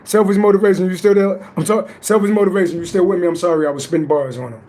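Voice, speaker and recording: A man's voice: high voice, animated, very fast, mellow, a little hiss or hum. A man hosting a live psychic stream, trading playful rhyming roasts and reading a spiritual text aloud. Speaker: livestream psychic reader.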